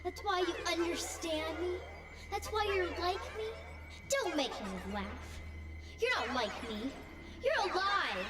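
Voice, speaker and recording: A woman's voice: extremely high pitch, animated, slow pace, heavily acted. A woman voicing a bitter, vengeful ghost girl in a video game cutscene, scornful and cursing. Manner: bitter, scornful, rising to screamed threats. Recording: echoey, distant, loud music behind.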